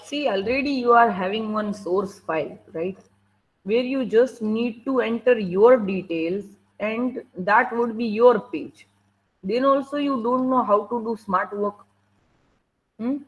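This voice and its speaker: A woman's voice: on the high side, measured pace, lo-fi sound. A woman teacher with an Indian English accent running an online class over a video call, strict and impatient as she prods students to answer.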